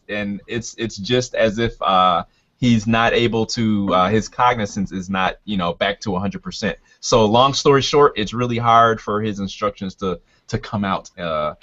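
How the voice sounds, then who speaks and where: A man running a tabletop game as game master, narrating in a halting way with many fillers and restarts. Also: on the low side, steady tone, fairly bright tone, muffled recording.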